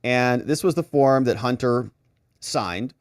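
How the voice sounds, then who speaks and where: A man's voice: mid-range voice, takes it slowly, no room sound, studio quality. A man hosting legal commentary, recapping courtroom events with sarcastic asides and acting out the lawyers and the judge. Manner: animated, acts out quoted lawyers and judge in shifting voices.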